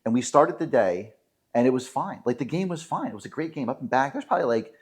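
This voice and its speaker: A man's voice: mid-range voice, sing-song, fast, a little mellow, husky. A man, co-hosting a podcast and telling self-deprecating referee stories with many fillers. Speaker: podcast co-host, sports referee. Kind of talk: casual storytelling chat.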